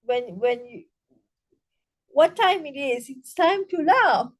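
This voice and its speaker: A woman teaching a laughter yoga session over a video call, speaking haltingly with many restarts and leading rhythmic bursts of laughter. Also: sits high, lively intonation. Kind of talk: online interactive workshop talk.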